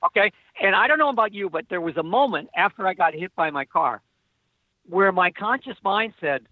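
A man's voice: high-pitched, expressive, normal speed, no echo, narrow, tinny audio. A man speaking as a guest in casual conversation, telling stories wryly with hesitant restarts. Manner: wry storyteller, hesitant restarts.

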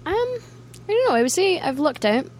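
A woman's voice: very high-pitched, sing-song, normal speed, a little mellow. A woman with a Scottish accent, a musician guest in a casual interview, chatty and self-deprecating, laughing often as she talks. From Scotland.

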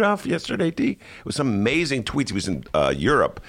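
A man's voice: mid-range voice, a little fast, vocal fry. A man hosting a political talk show, giving casual, sarcastic commentary with lots of "uh" fillers, speaking from a studio. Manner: sarcastic, animated, many "uh" fillers.

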